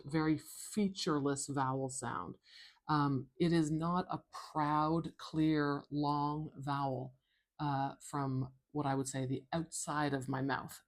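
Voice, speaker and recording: A woman teaching phonetics in a slow, soft tutorial, patiently repeating each sound. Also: deep voice.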